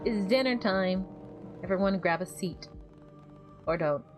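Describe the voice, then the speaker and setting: Speaking a little slowly in a mid-range, darkish voice, this woman gives casual, wry gameplay commentary while streaming. She jokes around and breaks into silly bits of song. Faint music plays behind her.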